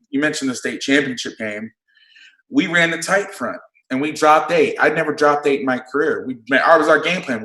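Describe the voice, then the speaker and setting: A man who coaches football, breaking down defensive play calls in a casual chat, blunt and quick to swear. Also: medium pitch, a bit bright. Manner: blunt, swears freely, explains plays in detail. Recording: roomy echo.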